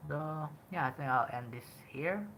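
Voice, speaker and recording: A young man from Indonesia with an Indonesian accent, talking casually about a game in a rambling way, often pausing on "um" and "like". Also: fairly high pitch, slight background noise, low-quality recording. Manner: rambling, frequent "like" and "um", animated emphasis. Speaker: podcast host. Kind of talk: casual game review talk.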